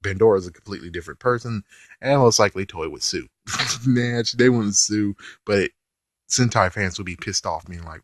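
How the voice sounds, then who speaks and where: A man's voice: on the low side, a little fast, dry recording, studio quality. A man reviewing a TV episode in a casual rant, swearing offhandedly and laughing often.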